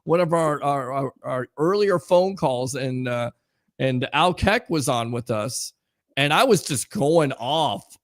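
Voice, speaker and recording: A man hosting a casual sports talk show, excitable and rambling, often restarting his sentences. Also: mid-range voice, slow pace, dry recording, clean studio sound. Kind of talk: casual sports radio chat.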